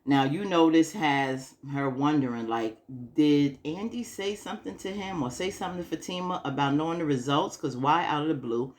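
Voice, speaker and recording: A woman's voice: deep voice, moderate pace, hardly any pauses, darkish tone. A woman chatting casually through a TV episode recap, acting out the characters' lines with frequent laughs. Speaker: TV recap vlogger.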